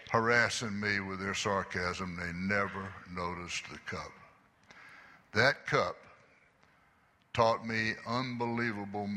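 A man's voice: on the low side, pushed and bright, slight background noise. An older man, giving an earnest church testimony. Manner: earnest, confessional storytelling. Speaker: guest speaker giving testimony. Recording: echoey church hall.

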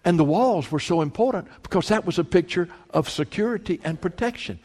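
Man, pastor, fervent sermon, fairly high voice, long hall echo. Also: expressive, brisk. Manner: fervent preaching that swells to near-shouting when reading scripture. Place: church sanctuary.

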